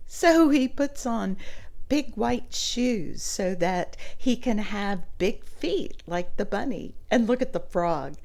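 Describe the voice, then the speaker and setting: A woman reading a picture book aloud to children, gently pointing out the pictures and laughing softly. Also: mid-range voice, animated, takes it slowly, vocal fry.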